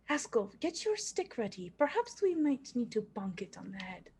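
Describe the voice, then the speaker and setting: A woman's voice: on the high side, big pitch swings, normal speed, darkish tone, breathy edge. A woman playing in a tabletop game, with playful remarks. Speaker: player.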